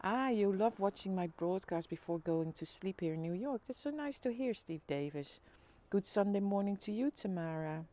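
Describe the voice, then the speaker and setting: Chatty middle-aged woman, live vlog host, reads comments aloud, mid-pitch, easygoing. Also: moderate pace, hardly any pauses. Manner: chatty, reads viewer comments aloud, bursts into excited squeals. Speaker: live-stream vlogger. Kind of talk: casual live-stream chat greeting viewers. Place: home by a window overlooking a city street.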